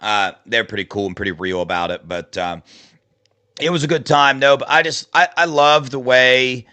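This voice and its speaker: Bright-voiced man in casual sports chat. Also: medium pitch, normal speed. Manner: rambling, restarts and fillers, excitable. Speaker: podcast co-host.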